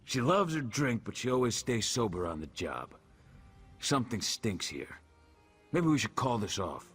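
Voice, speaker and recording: An actor playing a suspicious orc smuggler man in a video game, blunt and gruff. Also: medium pitch, very animated, a little slow, fairly bright tone, heavily acted. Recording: game audio with music.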